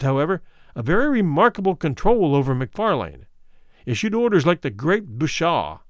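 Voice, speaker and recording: A man narrating a classic horror tale with an expressive, varied delivery. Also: fairly high pitch, dry recording, studio quality. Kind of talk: dramatic audiobook narration.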